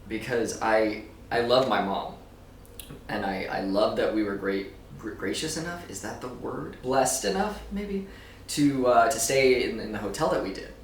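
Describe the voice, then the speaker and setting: In a loose, rambling vlog chat, a man swears and laughs often. His voice is gravelly and on the low side. Captured a bit off-mic and far away, the audio has a roomy echo, faint ambience, and a little hiss or hum.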